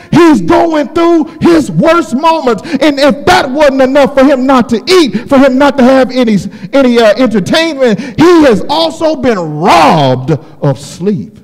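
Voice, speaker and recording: Male preacher, very high and animated pitch; impassioned storytelling with shouted peaks. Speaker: pastor. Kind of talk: sermon. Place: church sanctuary. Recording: long hall reverb.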